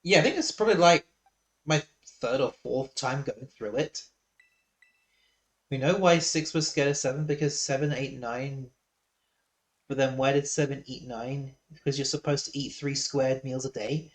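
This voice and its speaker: A man's voice: mid-range voice, normal speed. A man streaming a game live, chatting casually and airing opinions. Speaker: streamer host.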